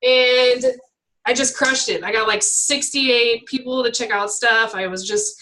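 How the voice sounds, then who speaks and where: A woman's voice: a little high, unhurried, background noise. A woman in a casual motivational chat, animatedly telling stories and acting out exchanges, who leads a team of her own. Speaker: team member leading her own group.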